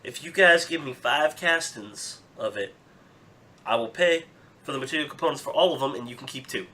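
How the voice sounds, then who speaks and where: A man's voice: fairly high pitch, lively intonation, fairly quick, pushed and bright. A man doing a folksy Southern shopkeeper. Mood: bargaining. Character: folksy Southern male shopkeeper, friendly merchant.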